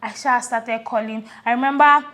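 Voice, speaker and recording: A Nigerian woman co-hosting a podcast, telling a personal story in a reflective, earnest way that often trails off softly. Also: on the high side, fairly even intonation, normal speed. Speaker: podcast co-host. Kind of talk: casual conversational storytelling.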